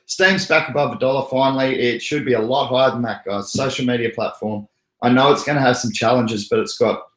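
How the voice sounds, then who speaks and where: Rambling Australian man in an echoey room. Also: medium pitch. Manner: rambling, joking, chuckles often. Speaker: crypto livestream host. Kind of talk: casual livestream chat.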